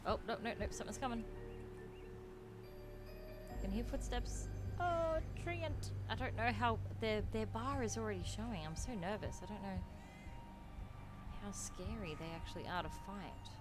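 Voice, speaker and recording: A woman's voice: mid-range voice, normal speed, long pauses. A woman chatting aloud as she streams a video game. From Australia. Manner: chatty, thinks aloud while playing. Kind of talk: casual gameplay commentary. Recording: game music loud behind voice. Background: game music.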